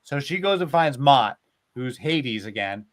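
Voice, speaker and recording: A man retelling old myths in a casual, animated way, with lots of filler words, as a podcast host. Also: medium pitch, measured pace. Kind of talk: casual storytelling chat.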